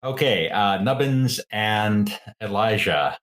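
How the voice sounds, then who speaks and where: A man as game master, calmly explaining rules and narrating a tabletop game in a measured way. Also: fairly low pitch. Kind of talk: running a tabletop game online.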